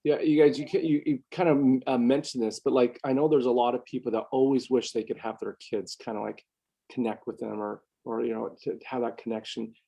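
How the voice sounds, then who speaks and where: Husky, hesitant man co-host. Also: mid-range voice, fairly even intonation, fairly quick, mellow, low-quality recording. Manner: hesitant, searching for words. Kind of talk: casual podcast conversation.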